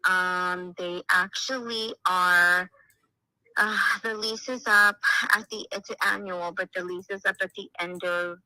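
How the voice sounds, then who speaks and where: A woman's voice: on the low side, steady tone, measured pace, bright, forceful tone, no echo, rough recording. A woman agent describing a property, hesitant and easygoing, with many fillers. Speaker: listing agent. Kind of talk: phone conversation.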